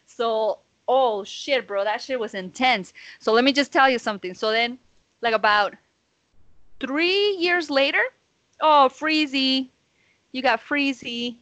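A woman with a high-sitting, bright, pushed voice co-hosts a podcast from home over a video call, speaking unhurriedly with no echo. She tells a story in a profane, slangy style, calls listeners "bro," and acts out her own quoted lines.

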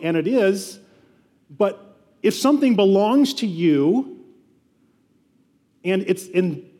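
Conversational preacher with a high voice. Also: male voice, darkish tone, husky, long reverb tail. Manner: conversational preaching with asides and repeated restarts. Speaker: pastor. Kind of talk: sermon.

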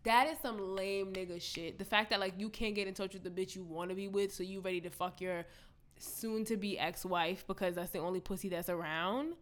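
A woman co-hosting a loose podcast conversation, her voice bright and clear. She talks in an animated, profane way, acting out lines from what she watched with bursts of laughter. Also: mid-range voice, a little fast. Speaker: podcast co-host. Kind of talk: casual chat.

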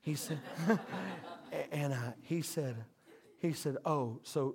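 A pastor in his thirties preaching a lively sermon, calling out to the congregation. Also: a little high, slow pace. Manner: animated preaching with call-outs.

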